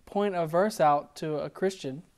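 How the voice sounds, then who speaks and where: A man hosting an interview, softly affirming his guest and asking questions. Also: on the high side, unhurried, clean tone. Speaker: host.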